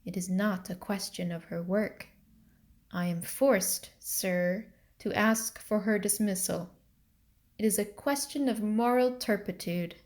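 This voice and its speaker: A woman voicing a cold male factory overseer in a storybook, speaking quietly, solemnly and evenly. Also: on the low side, moderate pace, few pauses, close to an everyday voice.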